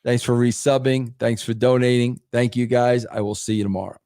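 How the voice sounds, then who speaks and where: A man hosting a live stream, chatting casually and reacting with quick exclamations. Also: mid-range voice, flat delivery, mellow, no room sound. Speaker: podcast host.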